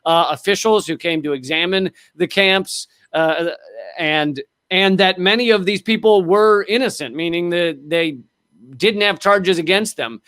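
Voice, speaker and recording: A man's voice: high voice, measured pace, fairly bright tone, clear, resonant tone, dry recording, clean studio sound. A man hosting a casual political comedy chat, wry and loose, with lots of fillers. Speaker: host.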